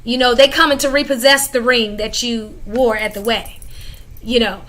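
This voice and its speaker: A woman hosting a panel chat, emphatic and lively, talking casually and laughing often. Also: on the high side, moderate pace. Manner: talks in a casual conversational way. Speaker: host.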